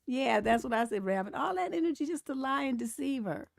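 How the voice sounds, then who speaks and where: A woman hosting a live stream, reading memes and commenting in a sassy, animated way, laughing often and mimicking grumpy voices. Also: sits high, a little fast, creaky, dry recording, studio quality. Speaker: relationship coach and show host.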